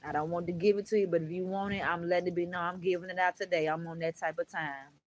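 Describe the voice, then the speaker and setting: A woman's voice: lowish voice, fairly even intonation, fast, rough recording. A woman vlogger in an emotional monologue to camera, blunt and preachy, swearing often and calling viewers "baby" and "honey.".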